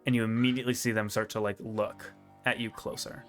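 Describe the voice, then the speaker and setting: A man narrating as game master, talking in a relaxed, rambling way with lots of fillers. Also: on the low side, a little fast, soft background music.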